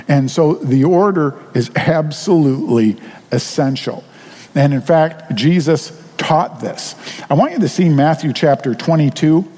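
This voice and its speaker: A pastor preaching a sermon in an earnest, conversational way, asking rhetorical questions of the congregation. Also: male voice, fairly high pitch, mellow, in a large hall.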